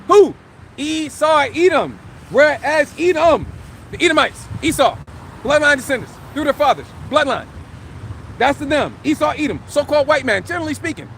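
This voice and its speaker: A man giving a live religious teaching as a street preacher, emphatic, firing rhetorical questions and shouting scripture for drama. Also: very high-pitched, expressive, a little fast, creaky, a little hiss or hum.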